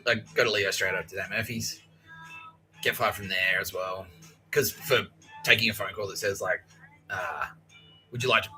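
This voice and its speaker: A man's voice: deep voice, pushed and bright, low-quality recording. A man with an Australian accent hosting a rambling, profane solo podcast monologue about conspiracies, often acting out other people's lines. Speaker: podcast host.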